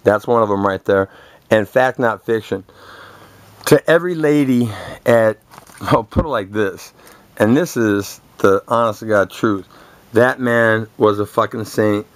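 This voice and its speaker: A man's voice: lowish voice, fairly even intonation, a little slow, dry recording. Boastful, foul-mouthed young man ranting. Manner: boastful, crude and confrontational, swearing constantly. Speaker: vlogger. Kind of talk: profane rambling monologue to camera.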